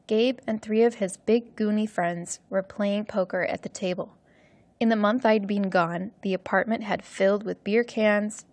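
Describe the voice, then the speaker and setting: A woman teacher reading a story aloud for English learners, slowly and carefully. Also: medium pitch, no room sound.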